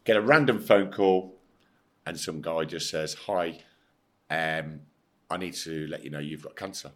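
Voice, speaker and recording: A man's voice: a bass voice, measured pace. A middle-aged English man, a former footballer, telling his story bluntly and emphatically in a casual interview, swearing and acting out the dialogue. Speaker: podcast guest, former footballer.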